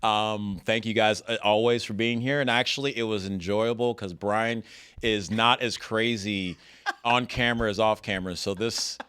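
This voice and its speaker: A man's voice: on the low side, fairly even intonation, normal speed, fairly bright tone, clear, resonant tone. A man appearing as a guest on a panel show, teasing the others and laughing easily. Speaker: guest, film producer. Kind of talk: casual panel chat.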